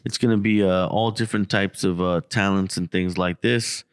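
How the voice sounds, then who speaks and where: Profane, animated male podcast co-host. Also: moderate pace, clear, resonant tone, no echo, studio quality. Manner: animated, profane, gets loud and high when acting out the story. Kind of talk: casual storytelling chat.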